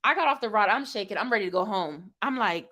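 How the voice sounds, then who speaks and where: A young woman vlogger telling a story casually to her live chat, lively and laughing as she acts out what she said. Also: mid-range voice, fast talker. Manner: animated, laughing, dramatic retelling with quoted exclamations.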